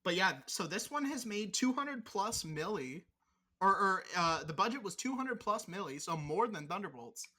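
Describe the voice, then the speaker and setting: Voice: medium pitch, very animated, moderate pace, sharp tone. A podcast co-host in casual chat, rambling and teasing, swearing freely.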